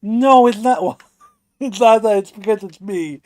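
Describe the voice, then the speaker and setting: A man with a high voice talks slowly and meanders through his point, starting over and swearing as he goes. He is co-hosting a casual livestream, recorded dry and close to a desk mic. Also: darkish tone, no room sound. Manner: rambling, restarts and profane rants. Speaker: stream co-host.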